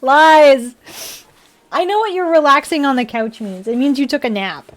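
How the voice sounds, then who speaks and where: A woman's voice: high-pitched, big pitch swings, fairly quick, fairly bright tone. A young woman hosting a model-building livestream, chatting casually and teasing her viewers and pets with frequent giggles.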